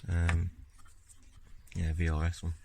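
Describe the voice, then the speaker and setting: Low-voiced man, rambling and relaxed. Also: takes it slowly, vocal fry, noisy background. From Scotland. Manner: relaxed, rambling, many fillers and "yeah"s. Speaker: car-repair vlogger. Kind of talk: casual video diary narration.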